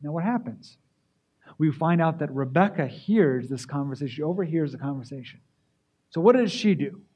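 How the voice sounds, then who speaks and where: A man with a high-pitched voice delivers a sermon, putting rhetorical questions to his listeners. He often doubles words as he restarts his phrases. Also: animated, moderate pace, darkish tone, breathy edge. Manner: poses rhetorical questions to the congregation. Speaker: preacher.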